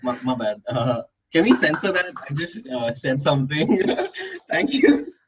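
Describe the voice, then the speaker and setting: A young man from Bangalore, chatting in an animated, profane way. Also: medium pitch, measured pace, background noise. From Bangalore, India. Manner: animated, profane, laughs often. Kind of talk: casual chat. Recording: dull lo-fi sound.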